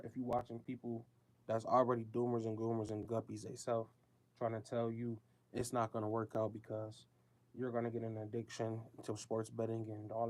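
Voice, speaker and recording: Male host, casual monologue, mid-pitched, emphatic and slangy, repeats himself. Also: a little mellow.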